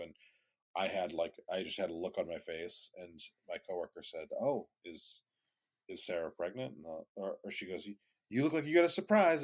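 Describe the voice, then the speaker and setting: A man co-hosting a podcast, telling a rambling casual story with many restarts and some swearing. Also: sits low. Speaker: podcast co-host.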